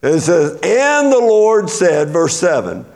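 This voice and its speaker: A man with an East Texas accent preaches in a folksy, down-to-earth style. His fairly high voice swings widely as he acts out quotes and presses his points. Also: measured pace, gravelly. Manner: folksy, animated preaching with lively dramatized quotes. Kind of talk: sermon.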